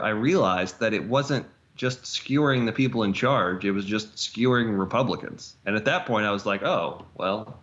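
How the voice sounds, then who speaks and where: A man co-hosting a podcast, talking casually with halting restarts and fillers. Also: on the low side, fairly bright tone. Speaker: podcast co-host. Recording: dull lo-fi sound.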